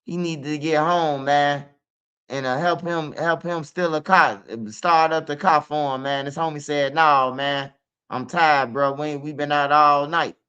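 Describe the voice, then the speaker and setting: A man's voice: fairly high pitch, steady tone, unhurried, pushed and bright, clean tone, dull audio. A man with a Chicago accent telling his story in casual, profane street slang, full of "man" and "bro".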